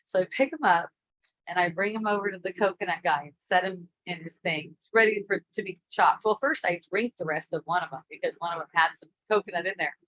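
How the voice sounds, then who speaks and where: A woman casually telling a personal story, relaxed and rambling, laughing often. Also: lowish voice, fairly quick, low-quality recording. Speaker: spiritual teacher.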